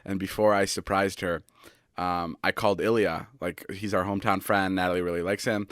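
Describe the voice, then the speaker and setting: Fast-talking young man, casual podcast chat. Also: sits low, fairly even intonation, a bit bright, clean tone, dry recording, clean studio sound. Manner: rambling, swears freely, rapid storytelling. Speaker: podcast co-host.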